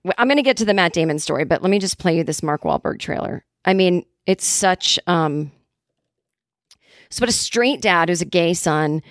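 A woman hosting a solo podcast, talking in a sarcastic, rambling, animated way. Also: fairly low pitch, moderate pace, no room sound, clean studio sound. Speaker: podcast host.

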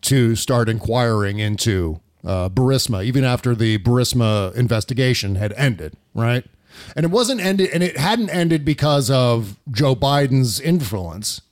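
A man in a casual podcast chat rants heatedly about politics and swears freely. He talks in a middle-pitched voice and often restarts his sentences partway through. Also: lively intonation, a little slow. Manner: heated, profane ranting with many restarts. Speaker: podcast host.

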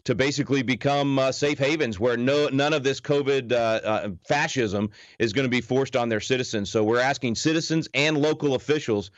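Fast-talking earnest man on a dull line. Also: medium pitch, dry recording. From Texas. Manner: earnest, promotional, emphatic. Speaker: guest, constitution teacher. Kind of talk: interview answers.

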